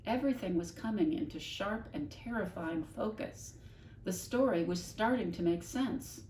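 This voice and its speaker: A woman teacher reading a children's novel aloud to her class, expressive and stopping to explain words. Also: mid-range voice, moderate pace, a little hiss or hum. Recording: echoey room, mic at a distance, faint ambience.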